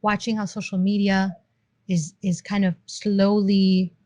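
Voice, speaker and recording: A woman's voice: medium pitch, flat delivery, a little slow, mellow, no echo. A woman co-hosting a podcast in casual chat, chatty and self-teasing. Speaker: podcast co-host.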